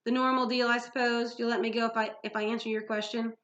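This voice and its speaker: A woman's voice: fairly high pitch, level tone, fast talker, a bit bright, dull audio, close to an everyday voice. A woman voicing a whiny, gloating old male sea spirit in a storybook read-aloud. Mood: sulky. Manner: whiny, then sly and gloating.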